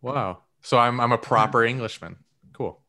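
A man's voice: mid-range voice, normal speed, bright, forceful tone. A young American man with an American accent, chatting casually and joking around. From United States. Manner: joking, laughing often. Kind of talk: casual chat.

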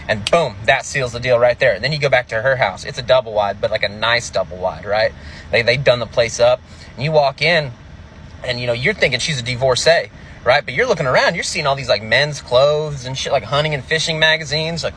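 A man's voice: mid-range voice, fast talker, fairly bright tone, slight background noise. A young man telling a crude comic story, brash and rambling, as a podcast co-host. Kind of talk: comedic storytelling.

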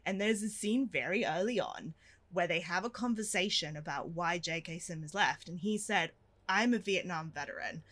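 Bright-voiced woman ranting about a film. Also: fairly low pitch, moderate pace. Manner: animated, ranting, laughing often. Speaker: podcast co-host reviewing a film. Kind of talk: casual chat.

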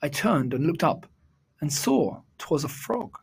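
A man reciting a rhyming children's poem in a measured, sing-song storytelling delivery. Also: a little high, big pitch swings, vocal fry, slightly rough.

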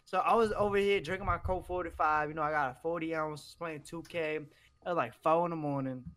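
A man trading banter on a casual podcast, with a voice a touch higher than most men. He tells his stories bluntly and swears freely, his talk loose and unpolished. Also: fairly even intonation, a little fast, fairly bright tone. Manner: blunt, profane storytelling. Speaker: podcast co-host.

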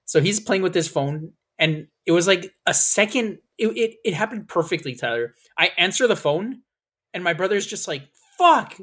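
A man's voice: sits high, animated, moderate pace, a bit bright. Rambling, laughing male podcast host. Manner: rambling, swearing, laughs often. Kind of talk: casual podcast chat.

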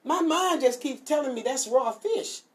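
A woman's voice: high voice, lively intonation, normal speed. A woman co-hosting a casual radio chat, sassy and laughing, with preachy asides. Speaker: radio co-host.

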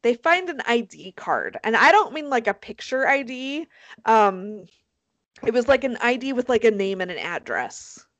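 Animated, foul-mouthed woman podcast host. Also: on the high side, moderate pace, dry recording. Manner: animated, swears freely, lots of fillers. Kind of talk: casual chat.

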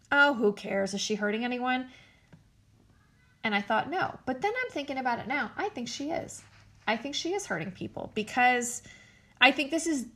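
A woman's voice: fairly high pitch, fairly bright tone. A woman hosting a casual commentary show, blunt and sarcastic, swearing freely as she talks.

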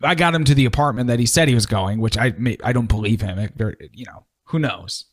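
A man's voice: medium pitch, quick pace. A man co-hosting a radio show, chatting casually in a laid-back, teasing way and trailing off mid-sentence. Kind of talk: casual chat.

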